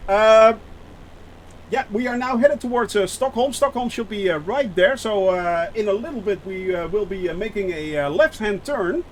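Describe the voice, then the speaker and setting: A man's voice: high voice, animated, measured pace, a little hiss or hum. A man streaming a flight simulator live, chatting with viewers and talking through the flight with many fillers and restarts. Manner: chatty, lots of fillers, reads chat aloud; nervous about landing. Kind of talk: live gameplay commentary.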